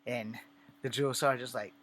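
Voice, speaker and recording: A man's voice: medium pitch, fairly even intonation, unhurried, a bit bright. A man ranting and telling a story to camera in blunt, profane, conversational talk. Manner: conversational, acts out the scene. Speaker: vlogger. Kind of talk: casual rant and storytelling to camera.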